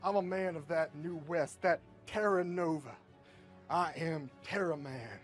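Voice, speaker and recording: A naive, folksy cowboy gunslinger played by a man speaks politely, with old-fashioned, homespun turns of phrase. His pitch sits a touch high. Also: measured pace, soft background music, natural voice. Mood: proud.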